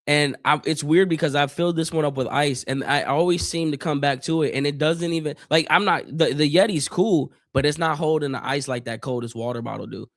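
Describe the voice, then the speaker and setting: A man from Northeast Ohio hosting a live stream, giving casual play-by-play, chatting with viewers in loose slang, his voice getting hoarse. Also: medium pitch, dry recording, studio quality. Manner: chatty, loose slang, reads chat aloud. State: voice going hoarse.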